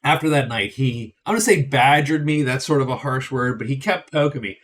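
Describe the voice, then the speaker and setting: A man's voice: medium pitch, steady tone, brisk, few pauses. A man giving a casual spoken movie review, rambling and chatty, with wry, amused asides and frequent restarts.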